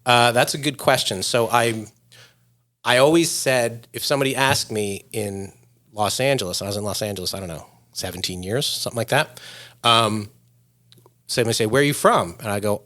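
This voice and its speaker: A middle-aged man from New York, hosting a podcast in casual chat and telling stories with quick impressions. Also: medium pitch. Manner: animated storyteller, does quick impressions. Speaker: podcast host.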